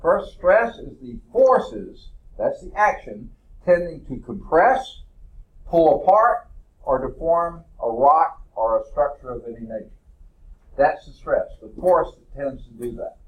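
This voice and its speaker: A male college science instructor giving a classroom lecture, explaining step by step and often checking in with "okay?". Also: fairly high pitch. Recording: roomy echo, voice from a distance.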